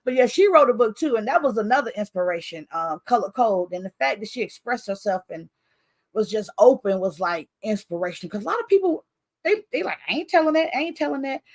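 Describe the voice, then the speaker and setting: A woman's voice: mid-range voice, fairly quick. A woman author hosting her own book launch in casual, rambling chat that keeps losing its thread. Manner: chatty, rambling, loses her train of thought; expressive, animated with laughter.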